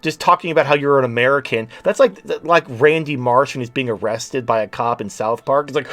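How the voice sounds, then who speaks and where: Fairly quick and with few pauses, a podcast host in his late thirties rants casually on his talk show in a blunt, sarcastic, profane way. His voice is medium-pitched with a fairly bright tone.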